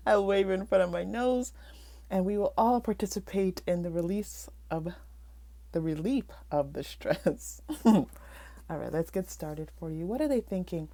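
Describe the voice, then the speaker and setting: A woman with a stuffy, nasal voice from a cold, giving a gentle, reassuring pick-a-card tarot reading. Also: lowish voice, no echo. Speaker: tarot reader.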